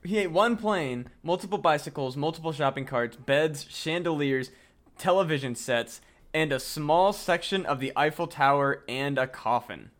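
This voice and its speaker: A man's voice: fairly high pitch, normal speed, fairly bright tone. A young man co-hosting a comedy podcast, rambling through crude jokes with many fillers. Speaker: podcast co-host. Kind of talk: casual comedic chat.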